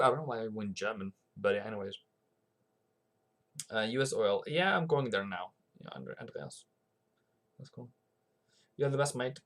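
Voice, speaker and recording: A man's voice: fairly low pitch, lively intonation, moderate pace, pauses often, a bit bright. A man hosting a livestream who gives rambling, casual commentary on currency markets and reads out viewer comments as he goes. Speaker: forex trading channel host.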